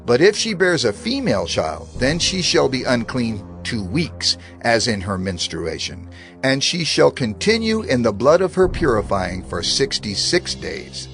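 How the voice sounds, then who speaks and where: A man giving a measured, expressive scripted narration of scripture. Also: mid-range voice, soft background music.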